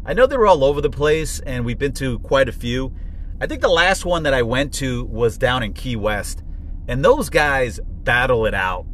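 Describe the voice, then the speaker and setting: A man hosting a podcast in casual chat, talking bluntly and swearing freely. His pitch is ordinary, with a faint hum of vehicle noise behind him. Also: expressive, moderate pace, fairly bright tone. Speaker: podcast host.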